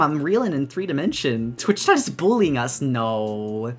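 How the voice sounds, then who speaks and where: A young woman chatting excitedly on her debut live stream, bubbly and gushing, rambling with lots of restarts. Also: extremely low pitch, a little slow, soft background music. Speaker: VTuber streamer.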